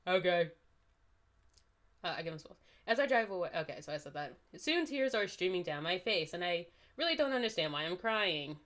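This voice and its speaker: Giggly, lively young woman. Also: lowish voice, fast. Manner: giggly, animated, reads aloud and breaks off to comment. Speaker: YouTuber reading a book aloud. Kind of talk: casual reading with commentary. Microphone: desk microphone.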